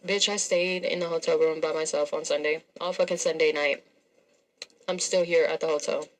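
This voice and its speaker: A woman's voice: low voice, normal speed, low-quality recording. A young woman telling a story casually, profane and sassy, acting out the dialogue. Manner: profane, animated, sassy retelling with quoted dialogue.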